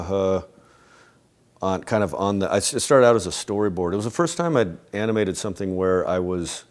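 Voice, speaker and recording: A middle-aged man in a casual interview at home, rambling with many restarts and soft chuckles. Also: deep voice. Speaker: interview guest, animator and voice actor.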